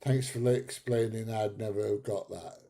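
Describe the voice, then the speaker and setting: A man's voice: fairly low pitch, steady tone, moderate pace, gravelly, warm tone. A man with a Northern English accent hosting a casual livestream, reading out comments in a blunt, chatty way and laughing often. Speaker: livestream host.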